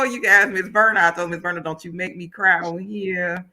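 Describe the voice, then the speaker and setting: An upbeat woman from Miami hosts a livestream talk show. Her voice is bright and ringing, and she keeps things loose and colloquial, calling out to viewers as she goes. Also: fairly low pitch, steady tone, fairly quick, few pauses. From Miami, Florida. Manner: upbeat, chatty, colloquial, talking to viewers' comments. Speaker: host.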